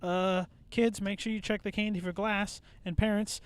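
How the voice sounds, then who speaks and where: A man co-hosting a podcast, chatting casually in an animated, rambling way with lots of swearing and restarts. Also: high-pitched, moderate pace, smooth. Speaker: podcast co-host. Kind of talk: casual chat. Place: outdoors at a bridge.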